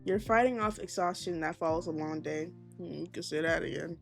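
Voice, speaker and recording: A woman's voice: sits low, fairly quick, creaky, over loud music. A young woman streaming, reading a story game aloud while sleepy, giggling and correcting herself with rambling asides.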